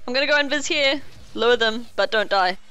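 A woman chatting casually while playing a video game, swearing, teasing and yelling in outbursts. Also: on the high side, a little fast, soft background music. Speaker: gamer. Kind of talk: casual gaming chat.

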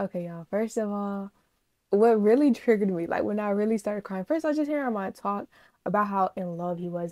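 A woman reaction vlogger in a casual chat to her viewers, speaking, animated, gushing and emotional. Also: mid-range voice, dry recording, clean studio sound. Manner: chatty, animated, addresses viewers as y'all.

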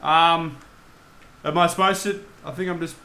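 A young man commentating on his own gameplay, excitable, swearing and shouting at the game. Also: fairly high pitch, moderate pace, slight background noise. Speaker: gaming channel host.

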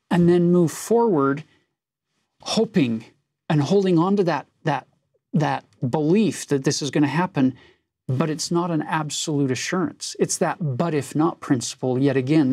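A man's voice: a little high, lively intonation, unhurried, darkish tone, breathy edge, no echo, studio quality. A man co-hosting a conversational Bible lesson, earnest and reflective as he reads and explains scripture. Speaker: scripture study co-host.

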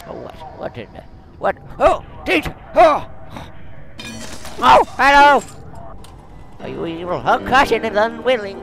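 Young man, very high voice, unhurried exclamations, game music behind. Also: creaky. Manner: excitable, exclaiming and reading game text aloud. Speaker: gaming YouTuber. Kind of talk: let's play commentary.

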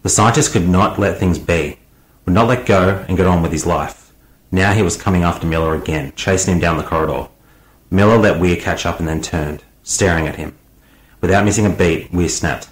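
A man narrating an audiobook in a measured, unhurried reading. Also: low-pitched, roomy sound, poor audio.

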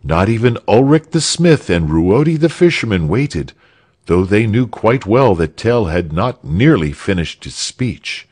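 Male storyteller, low voice, unhurried and very animated reading for English learners. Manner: slow, clear and expressive. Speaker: narrator.

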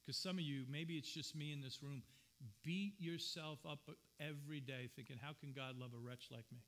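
Bright-voiced preaching man. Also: a little high, fairly even intonation, normal speed, a little hiss or hum. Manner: earnest, personal storytelling preaching. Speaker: pastor. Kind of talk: sermon. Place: church sanctuary.

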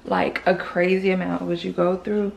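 A pregnant woman vlogging in casual chat, out of breath, often dropping to a breathy whisper and calling her viewers y'all. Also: lowish voice, little pitch movement, slight background noise. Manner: drawn-out Southern US slang, addresses viewers as y'all.

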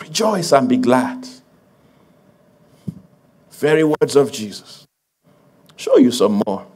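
A man's voice: mid-range voice, very animated, slow, a little mellow, breathy edge. A man preaching a sermon as a pastor to his congregation, building emphasis with repeated phrases and laughing along with the crowd.

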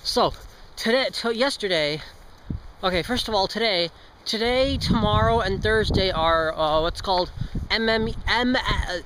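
A teenage boy vlogs as he walks along a street with cars passing by, rambling, stumbling over his words, joking and casually swearing. His voice is high-pitched and a little slow, with a noisy background.

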